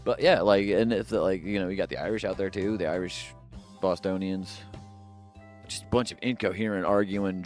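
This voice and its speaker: This deep, darkish-toned man co-hosts a podcast solo, wandering through casual talk full of jokes, filler words and side remarks. The recording uses headphones and a studio mic.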